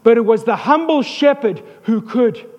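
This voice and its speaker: A pastor preaches an animated sermon, slipping in jokes and calling for amens. His voice sits very high for a man. Long hall reverb carries every line. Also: moderate pace, muffled recording. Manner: animated, joking asides, calls for amens.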